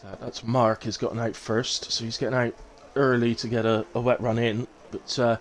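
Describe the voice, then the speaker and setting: A young man with a West Country English accent calls a sim race live. He chats casually with viewers, correcting himself as he goes, in a voice of ordinary pitch. A faint noise sits under his close mic. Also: moderate pace. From England. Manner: chatty, relaxed, with frequent fillers and self-corrections. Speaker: sim racing commentator and streamer. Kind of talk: live stream race commentary with chat reading.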